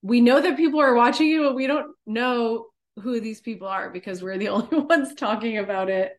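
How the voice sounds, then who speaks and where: A woman's voice: on the high side, fairly quick. Brief: easygoing woman co-host, upbeat casual podcast chat.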